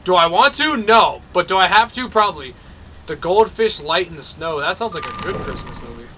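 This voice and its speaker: A man's voice: high voice, very animated, moderate pace, pushed and bright, a little hiss or hum. A young man giving sweary, mock-angry let's play commentary. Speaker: gaming video host.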